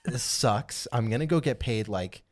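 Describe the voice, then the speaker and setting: A young man casually telling a long story on a podcast, peppered with "like" and animated retellings. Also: mid-range voice, normal speed. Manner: rambling, animated retelling with lots of "like". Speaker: podcast co-host.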